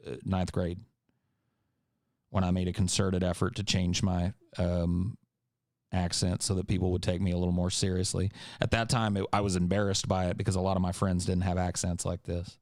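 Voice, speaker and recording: A man's voice: low voice, darkish tone, no echo, clean studio sound. A man from Central California with a California accent and a faint Southern tinge, hosting a casual podcast Q&A in a blunt, rambling, profane way. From Central California, USA. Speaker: podcast host.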